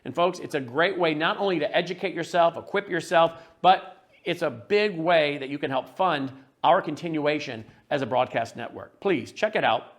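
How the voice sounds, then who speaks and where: Man, high voice, earnest promotional pitch, network founder, repeats details slowly.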